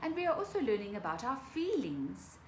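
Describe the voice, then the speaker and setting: Singsong preschool teacher, lively high voice. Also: female voice, a little fast. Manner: singsong, playful, talks to small children. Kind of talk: remote morning circle for young children. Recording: echoey room with faint hiss.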